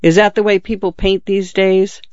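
A man's voice: sits high, level tone, moderate pace, clean tone, no echo, voice pushed up, natural voice. A man playing a sullen, drinking husband. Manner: blunt, sullen and grumbling. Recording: dull dry lo-fi recording.

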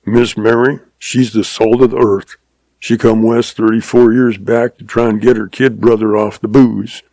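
A man's voice: lowish voice, level tone, normal speed, warm tone, no room sound, poor audio. A man voicing a grumpy, irritable old one-legged rancher who growls and snaps his words in a western drawl. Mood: gruff. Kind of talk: audiobook character voice.

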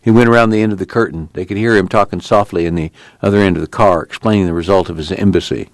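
A man narrates an audiobook in a plain, measured voice. His pitch sits low. The sound is close and dry. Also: steady tone, dry recording.

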